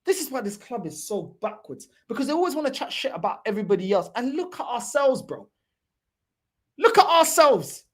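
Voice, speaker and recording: A woman's voice: a little high, sing-song, fairly quick, a bit bright. A woman hosting a football fan channel, delivering a heated, profane, mocking reaction rant. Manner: profane, mocking, repeats "bro".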